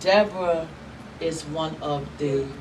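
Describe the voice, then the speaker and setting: An older woman pastor speaking at a church gathering, thanking her team, animated and laughing often as she acts out their replies. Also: low-pitched, takes it slowly. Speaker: apostle leading a church. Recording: distant mic, loud crowd and room noise.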